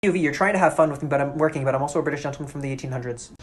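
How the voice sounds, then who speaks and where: Rapid text-to-speech caption voice. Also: mid-range voice. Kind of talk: rapid automated caption reading.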